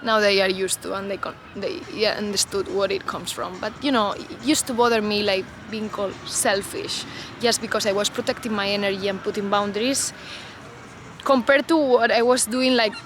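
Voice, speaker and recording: Woman vlogger, unscripted musings, meandering delivery with constant fillers, mid pitch; traffic audible behind. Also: fairly even intonation, normal speed. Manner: reflective, loose, heavy on "you know" and "like" fillers. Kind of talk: unscripted talk to camera.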